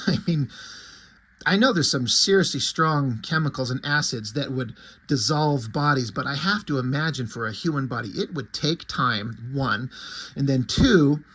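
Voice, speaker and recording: A man's voice: medium pitch, fairly bright tone. A man reviewing a comic book in casual chat, rambling, joking and swearing.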